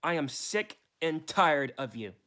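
A man's voice: a little high, animated, unhurried, bright, forceful tone. A man ranting in his own videos, whiny, aggrieved and repetitive. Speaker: YouTuber being reviewed.

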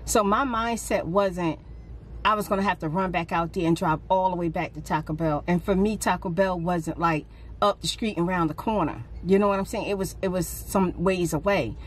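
A middle-aged woman vlogger telling a casual story, relaxed with sighing pauses, her voice jumping up when she acts out what others said. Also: slight background noise. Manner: animated retelling, pitch jumps up for quoted speech.

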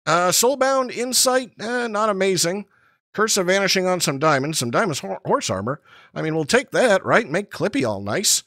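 A man giving excitable, jokey running commentary over his own block-building game, chatting to the creatures he meets. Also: high-pitched, moderate pace, no room sound. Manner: excitable, talks to the mobs he meets; frequent fillers and restarts, jokey. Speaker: gaming channel host. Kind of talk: Minecraft let's play commentary.

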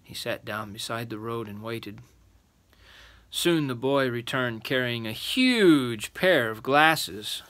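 An older man reading a children's bedtime story aloud as a lively grandfatherly storyteller. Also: medium pitch, slow.

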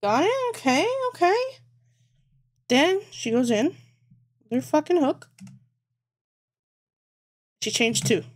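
A woman talks through her crochet project on a live stream. She thinks aloud, swears constantly and teases herself when she gets things wrong. Her voice sits a little high. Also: very animated, takes it slowly, pauses often. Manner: thinks aloud, swears a lot, self-mocking. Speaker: livestreamer. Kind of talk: casual live-stream chat while crocheting.

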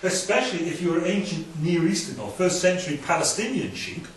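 Man preaching in an echoey hall. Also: high-pitched. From Wales. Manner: lively, conversational preaching with asides and quick humor. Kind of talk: sermon. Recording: echoey hall, distant from mic, faint room noise.

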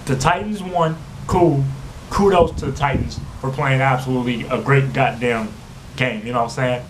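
A man's voice: medium pitch, steady tone, normal speed. A young man ranting heatedly about his football team, swearing constantly and repeating his filler phrases. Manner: profane, heated, repeats "you know what I'm saying". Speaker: sports fan vlogger. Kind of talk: angry fan rant. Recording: faint background noise.

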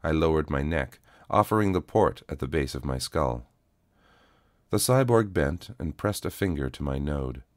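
A man narrating a first-person story in a steady, intimate reading. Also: very deep voice, moderate pace, no room sound, clean studio sound.

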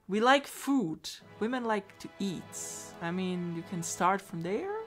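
A woman's voice: mid-range voice, expressive, a little slow, faint music behind. A woman commenting casually on a story game, with blunt swearing asides. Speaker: let's player.

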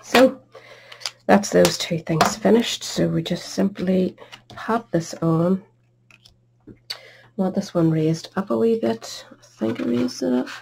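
A woman's voice: on the low side, takes it slowly, creaky, pauses often, a little mellow, a little hiss or hum. A middle-aged woman hosting a card-making tutorial, chatty and self-deprecating as she works at her craft table. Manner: chatty, self-deprecating, talks while working.

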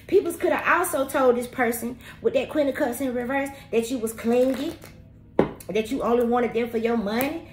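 A woman with a higher-pitched, brisk voice gives a spirited tarot reading monologue to viewers, blunt, slangy, profane, and emphatic. The recording has a roomy echo and faint background noise.

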